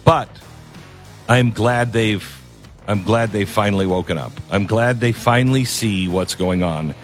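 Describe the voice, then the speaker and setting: A man's voice: lowish voice, unhurried, soft background music. Rambling male talk radio host. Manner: rambling, conversational, self-interrupting. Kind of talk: political talk radio monologue with ad read.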